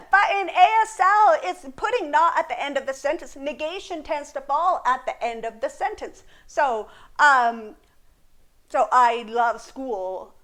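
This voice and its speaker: High-pitched woman, friendly explainer, teaching a beginner sign language class on video. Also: measured pace, fairly bright tone. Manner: chatty, explains with examples and laughs often. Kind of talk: casual video lesson.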